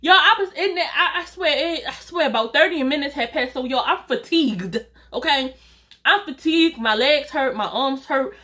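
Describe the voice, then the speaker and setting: A woman YouTuber telling a storytime vlog in an animated, chatty way, talking straight to her viewers and swearing casually. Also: sits high, moderate pace.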